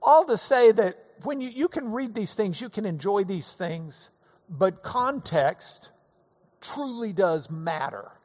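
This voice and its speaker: Man host, folksy chuckling storyteller, slightly high voice, hall reverb. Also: lively intonation, slow pace, darkish tone. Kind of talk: casual monologue.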